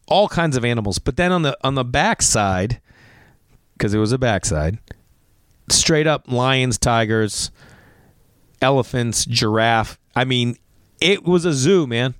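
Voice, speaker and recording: A man's voice: mid-range voice, no room sound. Man, Boston accent, comic podcast host, rambling, swearing, filler-heavy, dry close sound. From Massachusetts. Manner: rambling, profane, many "like" fillers. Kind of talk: casual storytelling. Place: garage.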